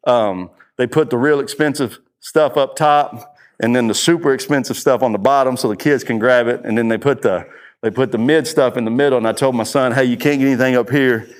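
A man's voice: mid-range voice, brisk. A middle-aged man giving a conference talk, telling stories and repeating key lines for emphasis. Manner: storytelling, emphatic repetition. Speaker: speaker. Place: conference room.

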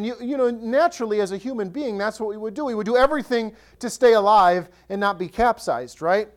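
A man's voice: high voice, a little fast, hardly any pauses. A male pastor preaching a sermon, telling stories and acting out the voices of the people in them. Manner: animated storytelling, acts out voices.

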